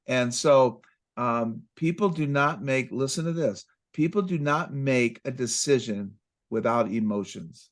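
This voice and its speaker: An excitable man tells stories in an animated, conversational way, acting out both sides of his exchanges with patients. His voice sits at an ordinary middle pitch. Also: normal speed. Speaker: chiropractic practice coach. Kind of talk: casual conversational talk.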